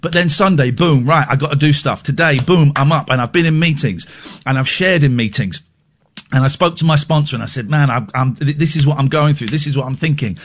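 A man's voice: on the high side, fairly quick. A man hosting a radio phone-in, talking candidly and self-deprecatingly, rambling with restarts. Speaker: radio host. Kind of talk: late-night radio phone-in chat.

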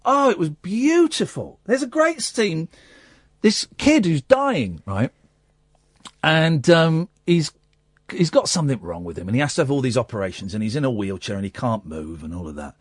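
This slightly husky male radio host chats casually on air at a moderate pace, close to a dry studio mic with no echo. He tells animated stories full of pitch swings and impressions of people, softening to a hush in tender moments.

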